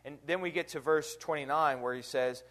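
Chatty preacher man, slightly high voice. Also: normal speed, fairly bright tone. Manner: conversational, asks rhetorical questions, frequent "right?"; reads scripture aloud with emphasis. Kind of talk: informal Bible teaching.

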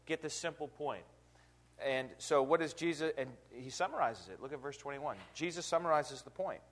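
A preacher with a slightly high, somewhat bright voice teaches an informal Bible lesson at a normal speed with lively intonation. He's conversational, keeps asking rhetorical questions and saying "right?", and leans into the scripture he reads aloud.

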